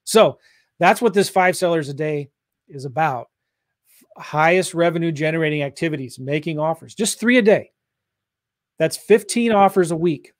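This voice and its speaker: Energetic salesy guy coaching on a live stream, kinda high voice, dry. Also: moderate pace, dry recording. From St. Louis. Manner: pushy, energetic sales talk. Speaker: real estate investing coach. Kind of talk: livestream coaching chat.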